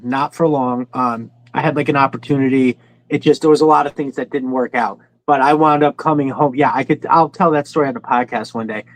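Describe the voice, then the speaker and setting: A man's voice: medium pitch, no room sound, low-quality recording. A man from New York with a New York accent, hosting a podcast and telling long, rambling stories in casual chat, swearing freely. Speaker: podcast host.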